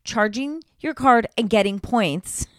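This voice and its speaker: A woman co-hosting a casual gossip podcast, animated and exclamatory, laughing often and swearing casually. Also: fairly high pitch, takes it slowly, no echo, studio quality. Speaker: podcast co-host.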